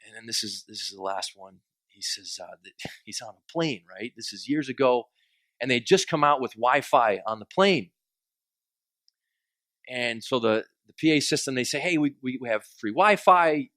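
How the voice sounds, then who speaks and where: A man's voice: medium pitch, animated, moderate pace, a bit bright, dry recording. A man preaching a sermon in a conversational, joking way, acting out quoted complaints. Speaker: pastor.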